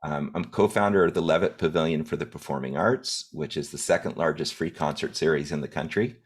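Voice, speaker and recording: A man with a very low voice gives a business talk as a guest speaker. He speaks directly and in measured phrases, sometimes restarting a thought. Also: husky.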